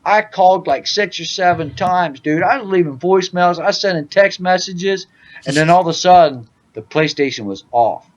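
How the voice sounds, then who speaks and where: A man's voice: sits high, moderate pace, muffled recording. A man hosting a casual podcast, telling joking stories and saying "dude" a lot. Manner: loud joking storyteller, says "dude" a lot. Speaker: podcast host. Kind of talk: casual gaming podcast chat.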